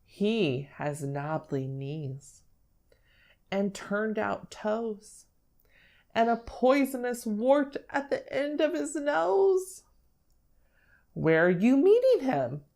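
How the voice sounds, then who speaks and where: A woman's voice: a little high, sing-song, very slow, pauses often, a little mellow, voice pushed up, full character voice. A woman voicing a bold, clever little mouse in a picture-book read-aloud, with a sly, knowing lilt. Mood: sly, boastful.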